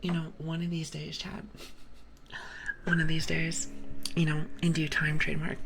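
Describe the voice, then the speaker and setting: A young woman streamer doing whispered ASMR livestream chat on a binaural mic, rambling playfully to her viewers in a soft whisper. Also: low voice, level tone, moderate pace, gravelly, noisy background.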